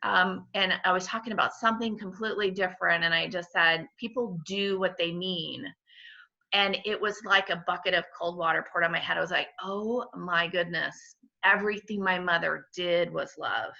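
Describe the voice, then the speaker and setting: Woman, middle-aged, podcast guest, bright tense tone, dull lo-fi recording, candid faith testimony. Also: fairly low pitch, steady tone, normal speed, creaky. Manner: candid, heartfelt, laughs through emotion. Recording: dull lo-fi sound.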